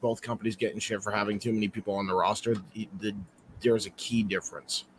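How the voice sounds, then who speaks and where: A man's voice: lowish voice, fairly even intonation, fast talker, a little hiss or hum. A man on a wrestling talk panel, arguing his point bluntly and casually with profanity. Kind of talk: casual online chat.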